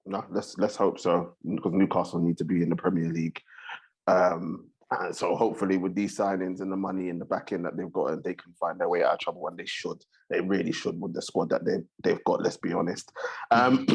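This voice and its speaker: A man in casual football banter, relaxed and full of slang. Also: low voice, brisk, creaky, husky. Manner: laid-back slangy banter. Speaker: co-host of a football chat show.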